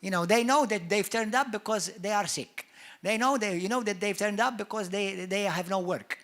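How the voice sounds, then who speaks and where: Man, Maltese accent, pastor, sermon in church, bright clear tone, emphatic. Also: sits high. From Malta. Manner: emphatic preacher, acts out churchgoers in quick voices.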